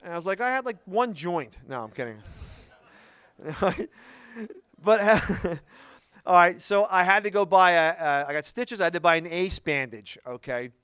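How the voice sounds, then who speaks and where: A middle-aged man doing a stand-up comedy routine, telling stories in an animated way with quick asides. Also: sits high, clean tone, no echo. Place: comedy club stage.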